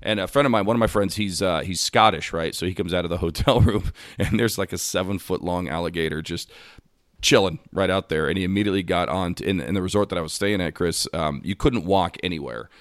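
A man co-hosting a casual sports podcast, telling animated stories and acting out voices. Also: sits low, fast, no room sound, studio quality. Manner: animated storyteller, acts out voices in anecdotes. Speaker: podcast co-host. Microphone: podcast microphone.

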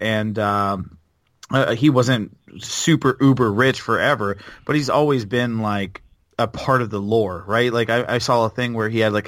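A man's voice: on the low side, fairly bright tone, no echo. A man in his thirties co-hosting a podcast in casual chat, blunt and ranting, swearing freely. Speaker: podcast co-host.

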